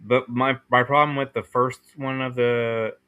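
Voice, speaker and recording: A man's voice: mid-range voice, flat delivery, a little slow, pushed and bright, clear, resonant tone. A man co-hosting a podcast, chatting in an easygoing way and often ending sentences with "man". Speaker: podcast co-host. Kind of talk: casual chat.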